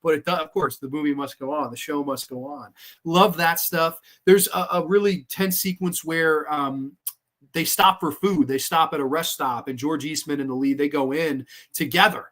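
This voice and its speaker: A man's voice: fairly high pitch, moderate pace, a bit bright. A man hosting a podcast, giving a casual, rambling solo film review full of fillers, restarts and swearing. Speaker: podcast host reviewing films.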